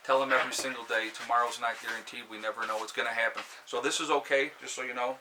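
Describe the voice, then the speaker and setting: A man's voice: medium pitch, steady tone, very fast, hardly any pauses, noisy background. A man giving an opinionated casual vlog monologue, emphatic and ranting, checking in with frequent "okay?" asides. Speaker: vlogger.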